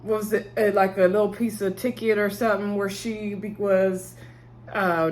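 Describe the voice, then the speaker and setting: A woman's voice: medium pitch, normal speed, darkish tone. A woman, chatting casually as she recaps a TV episode, rambling and laughing often. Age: 30s. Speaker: TV show reviewer.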